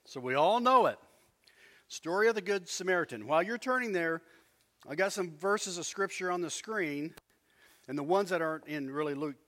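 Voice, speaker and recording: A middle-aged man pastor preaching a sermon, telling stories with lively asides to the congregation. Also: sits high. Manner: animated storytelling with asides to the congregation.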